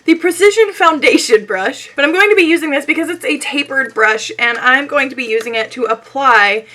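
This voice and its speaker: Hoarse young woman, high bright voice, chatty beauty vlogger with a scratchy throat, giggly asides. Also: expressive, brisk. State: hoarse, losing her voice. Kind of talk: casual unboxing chat.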